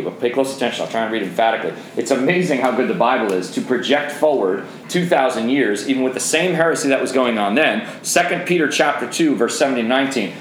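A man's voice: mid-range voice, echoey room, slight background noise, poor audio. A man preaching a sermon, emphatic, repeating key phrases and speaking straight to the congregation. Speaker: pastor.

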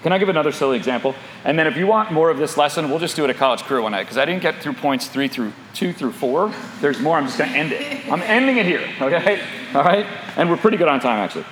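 A man's voice: a little high, quick pace, a little hiss or hum. A middle-aged man preaching a sermon, often asking the listeners questions. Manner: animated, asks the audience questions. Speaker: pastor. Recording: echoey hall with long reverb.

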